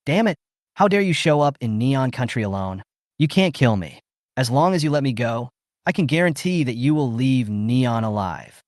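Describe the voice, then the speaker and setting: A pompous old beast master barks threats and insults, as a male recap narrator puts him on. The voice jumps around with lively pitch and sits dry and close, with no room sound. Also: moderate pace, no room sound, close to an everyday voice. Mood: blustering. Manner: blustering, threatening. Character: arrogant older male American beast master.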